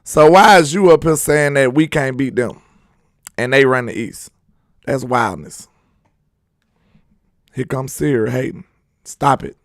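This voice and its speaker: A young man hosting a sports live stream, reading chat and loudly teasing viewers with laughter. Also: mid-range voice, measured pace, pauses often, no room sound, studio quality. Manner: loud trash talk, laughing and teasing viewers. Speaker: sports channel host.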